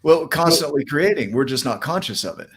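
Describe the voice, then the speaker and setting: A man's voice: fairly high pitch, sing-song, brisk, husky. A man hosting a podcast interview, affirming his guest with short replies and brief reflections. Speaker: podcast host. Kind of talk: conversational interview.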